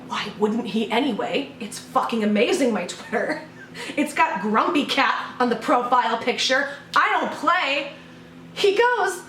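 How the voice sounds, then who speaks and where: A woman's voice: high voice, a bit bright, echoey room, recorded from a distance, a little hiss or hum. A woman YouTuber doing a sarcastic, mock-outraged vlog rant, full of swearing, recorded at home. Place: home room.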